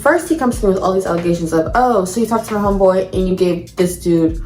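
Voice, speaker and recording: A woman's voice: lowish voice, quick pace, darkish tone, reverberant, soft background music. A young woman telling a storytime vlog to her viewers in casual slang, addressing them as y'all. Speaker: storytime vlogger.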